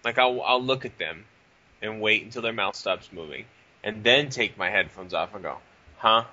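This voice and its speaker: Bright, husky-voiced man cracking jokes. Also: on the low side, normal speed, dry recording, dull audio. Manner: wisecracking, profane banter. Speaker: podcast co-host. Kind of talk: casual chat.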